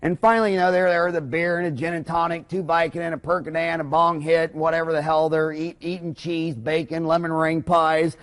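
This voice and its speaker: Man, dentist giving a business talk, folksy, rambling, loud excited bursts, fairly high voice. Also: fairly quick, few pauses. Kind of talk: impassioned rambling monologue.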